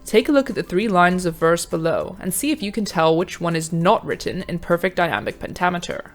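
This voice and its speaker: A woman with a slightly low voice narrates a scripted revision lesson. She explains each step in a measured, clear way, and faint music plays underneath. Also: expressive. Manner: measured, clear teaching delivery. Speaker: revision tutor.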